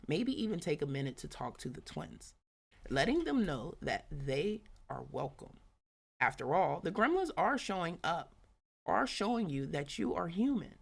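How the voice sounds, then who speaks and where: Gravelly low-voiced woman hosting a live talk. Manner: chatty and laughing, with quick whispered asides. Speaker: host of a live business talk. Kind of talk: casual motivational talk, reading a book aloud.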